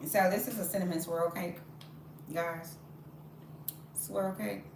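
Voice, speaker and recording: A woman's voice: lowish voice, takes it slowly. Woman, chatty live-stream baker, very echoey kitchen, distant phone mic, noisy room. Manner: chatty, expressive, talks to viewers while baking. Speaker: vlogger baking at home. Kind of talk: casual live-stream chat. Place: home kitchen.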